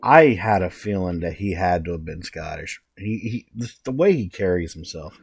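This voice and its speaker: A man's voice: low-pitched, lively intonation, normal speed, creaky, darkish tone, husky, dry recording, clean studio sound. A man streaming live gameplay, swearing and trash-talking the game as he plays. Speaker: gaming streamer. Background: faint game music.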